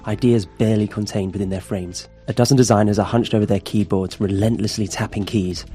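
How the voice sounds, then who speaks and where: A man's voice: lowish voice, steady tone, a little fast, warm tone, faint music behind. A man reading scripted, screenplay-like scene narration for a tabletop game. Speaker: player.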